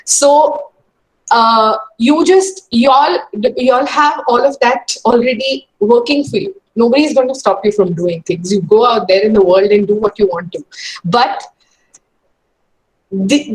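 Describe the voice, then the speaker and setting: A woman's voice: fairly high pitch, low-quality recording. A woman giving an earnest, encouraging webinar talk to students over a video call, with many hesitations. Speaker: guest speaker.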